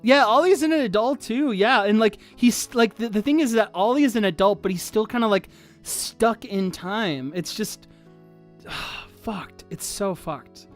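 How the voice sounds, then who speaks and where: A streamer chatting casually on a livestream, gushing excitedly and swearing freely, with faint music behind. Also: mid-range voice, normal speed.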